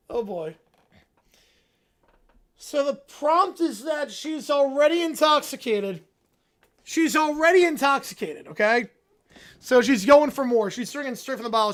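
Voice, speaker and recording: A woman hosting a livestream, giving excitable live reaction commentary full of exclamations. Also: on the high side. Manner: animated, excitable, breaks into exclamations. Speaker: livestream host.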